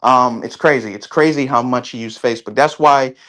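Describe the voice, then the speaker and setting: Man, interview guest, casual talk, halting, many restarts. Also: mid-range voice, a bit bright.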